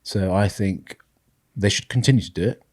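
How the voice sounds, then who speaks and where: A British man with a low, deep voice, co-hosting a casual chat podcast. He speaks in a reflective, measured way when offering advice. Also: a little mellow. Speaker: podcast co-host.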